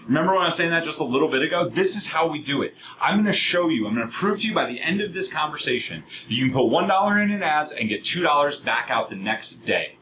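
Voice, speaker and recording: Middle-aged male presenter, fired-up sales pitch, lively swooping pitch, bright edge, faint room hum. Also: poor audio. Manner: fast, worked-up, asks the audience questions. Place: room with a live audience.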